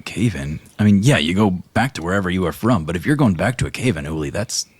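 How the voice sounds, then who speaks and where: A man narrating as game master in a playful, animated way. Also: deep voice, fast talker, slightly rough.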